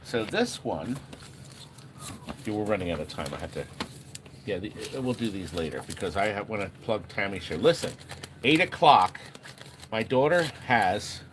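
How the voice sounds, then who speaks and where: A man's voice: lowish voice, a bit bright. Chatty middle-aged man hosting a livestream. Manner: rambling, chatty, talks to viewers by name. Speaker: livestream host selling arcade games. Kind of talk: casual livestream chat. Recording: noisy room ambience.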